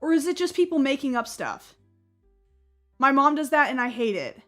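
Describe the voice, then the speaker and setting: Chatty high-voiced woman streamer. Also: normal speed, soft background music. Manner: chatty, excitable, swears casually, gets loud when surprised. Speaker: gaming streamer. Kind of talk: casual live-stream commentary.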